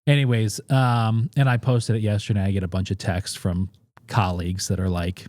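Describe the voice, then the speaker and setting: A man's voice: on the low side, little pitch movement, normal speed, darkish tone, no echo, studio quality. A man who is a guest on a podcast, bluntly telling food stories in casual, profanity-laced talk. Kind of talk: casual interview storytelling.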